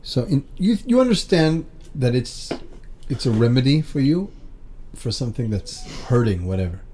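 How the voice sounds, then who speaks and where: A man's voice: medium pitch, big pitch swings, moderate pace, warm tone, slight background noise. A man hosting a casual podcast chat, teasing his guest and breaking in with questions.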